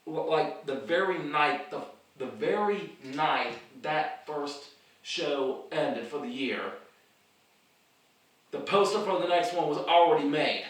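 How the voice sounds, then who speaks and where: A man's voice: fairly high pitch, animated, slow. Rambling man in an echoey room. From the Carolinas. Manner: rambling, repeats words and restarts often. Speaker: independent wrestler and vlog host. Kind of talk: casual rambling monologue. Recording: echoey room, mic at a distance.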